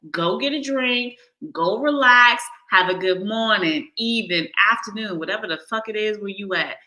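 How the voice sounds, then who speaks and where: A woman talks casually to her live-stream viewers, answering their chat messages. Her voice is bright and sharp. She is brash and playful, swears freely and laughs a lot. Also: medium pitch, normal speed, rough recording. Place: living abroad, streaming live from home.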